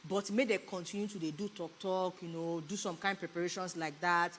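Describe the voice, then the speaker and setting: A woman's voice: lowish voice, steady tone, a little fast, a bit bright, a little hiss or hum. A woman with a Nigerian accent co-hosting a talk show, explaining the news in a chatty way and checking in with her co-host with tag questions. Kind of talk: casual Pidgin news discussion. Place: broadcast studio.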